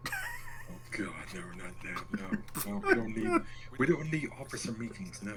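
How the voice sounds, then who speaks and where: A man co-hosting a game stream, chatting and teasing in lively banter. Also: medium pitch, moderate pace, vocal fry, over a noisy crowd. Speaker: co-host. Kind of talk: casual chat. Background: game music.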